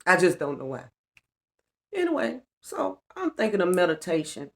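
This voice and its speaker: A woman's voice: fairly low pitch, wildly swooping pitch, moderate pace, gravelly. Earnest middle-aged woman sharing testimony. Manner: earnest, colloquial, emphatic repetition. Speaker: spiritual vlogger. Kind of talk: personal testimony talk.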